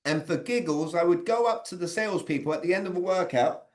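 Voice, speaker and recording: Higher-voiced man coaching over a video call. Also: fairly quick. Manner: conversational, quizzing his audience by name. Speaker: sales communication coach. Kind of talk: interactive online training talk.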